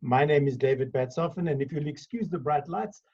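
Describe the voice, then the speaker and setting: A man hosts a relaxed interview over a video call, chatting easily and laughing along with his guest. His voice sounds a little husky, and the call audio is dull and lo-fi. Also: a little high, a little fast. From South Africa. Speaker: interview host.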